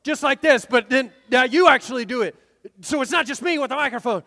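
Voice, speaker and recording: A man's voice: very high voice, brisk. A man as a theatrical ship's captain in a reverberant hall. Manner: playful, coaxing the crowd, theatrical shouts. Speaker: costumed ship-captain performer leading a live audience show. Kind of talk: live audience interactive storytelling.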